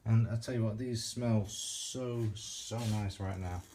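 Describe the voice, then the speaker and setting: A man's voice: lowish voice, fairly even intonation, unhurried, background noise. A man hosting a casual cooking and eating vlog, chatty and self-mocking, chuckling often. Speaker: cooking vlogger.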